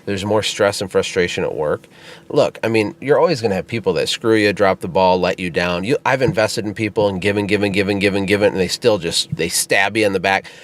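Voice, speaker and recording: A man co-hosting a casual podcast chat, telling stories in an animated way and laughing as he goes. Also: on the low side, a little fast. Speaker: podcast co-host and business founder.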